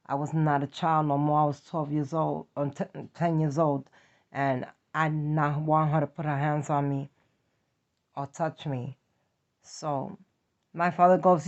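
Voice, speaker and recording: A woman's voice: sits low, level tone, unhurried, a little mellow. A woman from New York with a New York accent, telling a personal story in a blunt, profane, emphatic way. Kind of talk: confessional story time. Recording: dull lo-fi audio.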